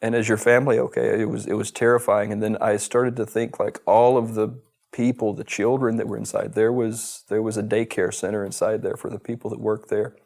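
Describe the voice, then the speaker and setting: A middle-aged man from the United States recounts his story as an interview guest. His voice sits low and stays flat in tone. He speaks earnestly and tends to repeat himself when a memory stirs him. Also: a little fast, creaky. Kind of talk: personal storytelling.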